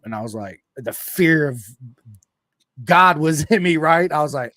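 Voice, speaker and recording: A man in casual podcast chat, telling a story with animated acted-out quotes and swearing. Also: normal speed, no room sound. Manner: animated, swearing, acts out quotes with big pitch jumps. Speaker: podcast guest.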